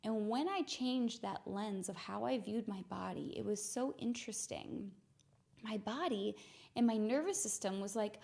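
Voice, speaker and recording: A young adult woman hosting a mindfulness podcast, telling a personal story in an earnest, reflective way and slowing down to stress key words. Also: medium pitch, gravelly, darkish tone. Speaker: podcast host.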